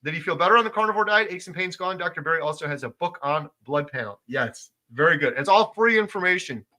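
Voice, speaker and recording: A man's voice: fairly high pitch, lively intonation, fast talker. A middle-aged man hosting a casual livestream, reading out viewer comments and making his points with emphasis. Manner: emphatic, gets loud when making a point. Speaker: livestream host.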